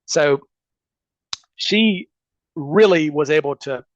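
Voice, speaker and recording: A man telling a story in casual podcast chat, animated and chatty, acting out the people he quotes with lots of "like" and quick restarts. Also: a little high, dry recording, muffled recording. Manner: animated, acts out quoted people with shifting voices.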